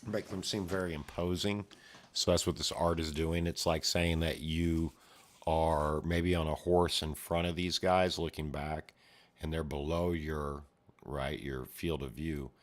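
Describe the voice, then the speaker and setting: A man with a very deep, steady, unhurried voice reads a comic aloud, offering casual, rambling commentary and making his own sound effects.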